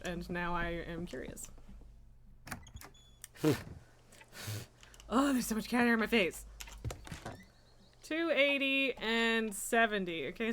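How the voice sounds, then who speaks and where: A woman's voice: mid-range voice, a bit bright, slight background noise. A woman streaming a farming game, chatting casually and giggling, who slips into baby talk with her cat. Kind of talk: casual livestream chat while playing a farming game.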